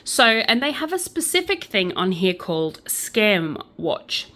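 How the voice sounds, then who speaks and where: A woman with an Australian accent chatting to camera as a crochet and true crime vlogger, loud, bubbly and self-mocking. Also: mid-range voice, big pitch swings, unhurried. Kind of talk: casual chat to camera.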